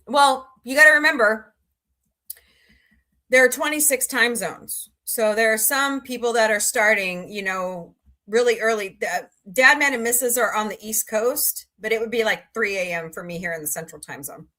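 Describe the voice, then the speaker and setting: A woman's voice: a little high, moderate pace, bright, forceful tone. A woman hosting a casual live stream, chatting and joking with viewers about movies and reading their comments. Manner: chatty, jokey, reads and answers viewer comments. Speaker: livestream host.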